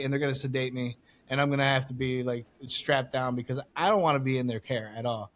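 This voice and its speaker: A man hosting a casual podcast, telling a story with lively acted-out dialogue and frequent swearing. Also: mid-range voice, fast. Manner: animated storytelling, acts out dialogue, swears freely. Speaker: podcast host.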